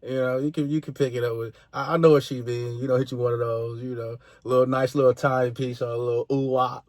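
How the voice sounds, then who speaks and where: A man giving laid-back, rambling commentary, full of "you know"s and loud laughs. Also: medium pitch, flat delivery, fast, dry recording, studio quality. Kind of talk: casual commentary.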